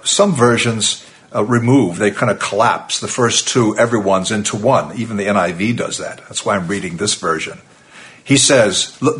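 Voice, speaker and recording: A man's voice: medium pitch, a bit bright. A man giving an earnest, emphatic sermon in a conversational teaching tone, with occasional fillers. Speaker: preacher.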